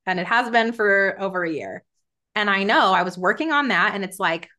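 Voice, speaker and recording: A woman guest on a podcast, teaching in an earnest, emphatic way, slowing down and stressing her words when she reads scripture. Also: medium pitch, lively intonation, bright, forceful tone. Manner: earnest, emphatic, says "right?" often. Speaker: podcast guest, Christian coach.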